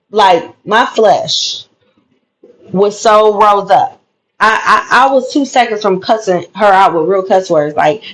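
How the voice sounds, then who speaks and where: A woman's voice: mid-range voice, poor audio. Emphatic woman telling a story. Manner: animated, emphatic retelling with repeated phrases. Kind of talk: casual storytelling.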